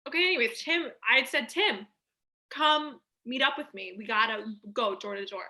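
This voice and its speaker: Bright-voiced woman hosting a live chat. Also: a little high. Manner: teasing, quick reactions. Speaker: host. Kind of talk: casual live-stream chat.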